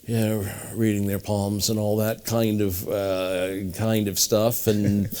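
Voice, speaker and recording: Low-voiced man telling rambling stories. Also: flat delivery, takes it slowly, dark tone, clean tone. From New England, USA. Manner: rambling anecdotal storyteller, acting out quoted voices. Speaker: guest mentalist. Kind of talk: storytelling interview.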